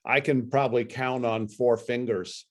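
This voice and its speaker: A man's voice: mid-range voice, fairly even intonation, moderate pace. A man guest speaking in an easygoing, matter-of-fact way over a video call. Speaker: guest, foot-care author. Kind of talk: casual conversation on a video call.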